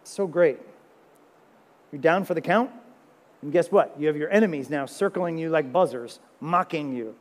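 A man pastor preaching a sermon, swinging dramatically between loud pleading and hushed, intimate stretches. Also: fairly high pitch, normal speed, long pauses, long reverb tail.

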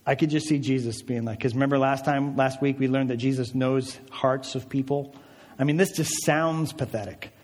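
Lively male preacher in an echoing hall. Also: mid-range voice, normal speed. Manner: lively, conversational, asks the audience. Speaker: pastor. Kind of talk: sermon. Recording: reverberant hall.

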